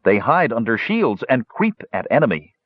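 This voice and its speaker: A man voicing an excitable, simple-minded male dwarf who shrieks in broken English. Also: medium pitch, normal speed, no room sound, lo-fi sound. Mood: offhand.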